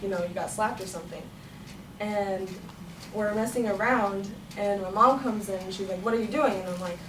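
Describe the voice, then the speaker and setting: A young woman telling a funny personal story in a chatty way, laughing as she goes. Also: mid-range voice. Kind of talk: personal story told to a room. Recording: echoey room, far from the mic, noisy.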